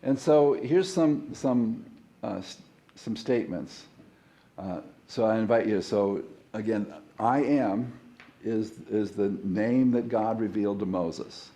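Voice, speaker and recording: Middle-aged guy preaching easygoing, dark mellow voice, gets folks to repeat after him. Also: on the low side, takes it slowly. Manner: conversational, self-deprecating, leads call-and-response. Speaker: guest minister. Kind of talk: sermon.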